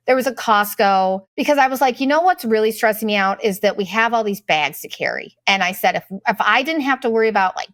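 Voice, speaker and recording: Woman, middle-aged, sarcastic travel rant, swears a lot, slightly high voice, dry close sound. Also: fairly bright tone, no echo. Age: late 30s to 40s. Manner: profane, exasperated, sarcastic. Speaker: vlogger. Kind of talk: casual storytelling rant.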